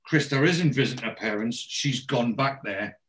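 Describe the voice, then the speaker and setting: A man's voice: medium pitch, moderate pace, a bit bright, a little hiss or hum, natural voice. A man voicing an immature middle-aged womanizer in a retold TV scene, rambling as he confesses. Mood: sheepish.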